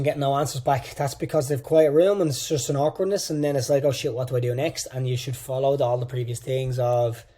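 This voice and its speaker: A man's voice: medium pitch, mellow. A man teaching a coaching course in a casual, direct way, repeating phrases for emphasis. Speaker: fitness coach. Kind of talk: online coaching course lecture.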